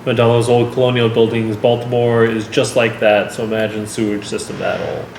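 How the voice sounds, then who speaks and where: A man's voice: mid-range voice, level tone, brisk, darkish tone. A man in casual chat making dry, offhand remarks. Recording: roomy with clear background noise.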